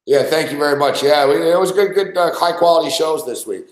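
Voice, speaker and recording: A man's voice: a little high, fairly quick, roomy sound, rough recording. A man hosting a sports betting show, telling profane, laughing stories about guests in casual studio banter. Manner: profane, storytelling, laughs often.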